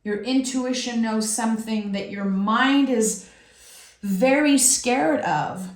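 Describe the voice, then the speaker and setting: A woman giving a slow, soulful tarot reading, speaking gently and earnestly to the viewer with drawn-out pauses and reassurance. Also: on the high side. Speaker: tarot reader. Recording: roomy echo.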